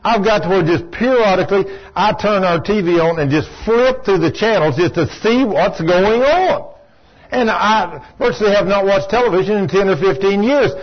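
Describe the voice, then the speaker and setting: A man preaching a sermon in a folksy storytelling manner, rising to fervent shouts when he quotes. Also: high-pitched, normal speed. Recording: dull lo-fi sermon recording.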